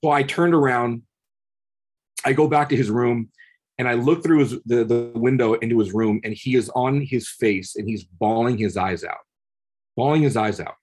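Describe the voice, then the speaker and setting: A man's voice: mid-range voice, moderate pace, darkish tone, breathy edge. A man, a podcast guest, telling a personal story earnestly and building to passionate peaks, often repeating his words. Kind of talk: casual conversation, storytelling.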